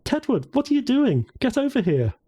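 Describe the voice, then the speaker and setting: A male narrator voicing a cheerful, excitable young woman with a bright, bubbly way of talking. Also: high-pitched, fairly quick, creaky, husky, voice pushed up, full character voice. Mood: excited.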